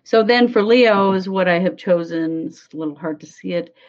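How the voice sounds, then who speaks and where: Woman, lowish voice, relaxed and gentle, dull lo-fi audio. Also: moderate pace. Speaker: crystal advisor, co-host. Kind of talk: casual livestream chat.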